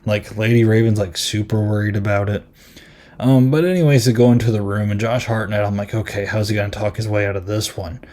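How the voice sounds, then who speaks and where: A man's voice: lowish voice, fairly even intonation, a little fast, a little mellow. A man hosting a podcast and reviewing a film in casual chat, rambling and amused, with lots of ums and likes.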